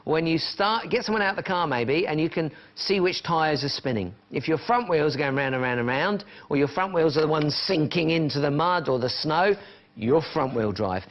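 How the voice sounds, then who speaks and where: Here a host of a live shopping channel makes his TV sales pitch, chatting and counting prices down at a moderate pace. His voice is a little high and animated, and the broadcast audio is dull and lo-fi, with music playing underneath.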